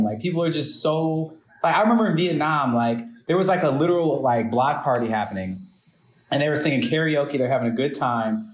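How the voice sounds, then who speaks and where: Relaxed man, roomy echoing recording. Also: fairly high pitch, a little fast. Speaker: podcast co-host. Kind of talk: casual chat. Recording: roomy echo.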